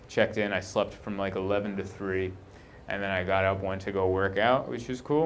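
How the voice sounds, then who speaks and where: A man's voice: on the low side, slight background noise. A male stand-up comedian telling a long self-deprecating story on stage, acting out his own thoughts. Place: comedy club stage before a live audience. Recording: live show with clear audience laughter.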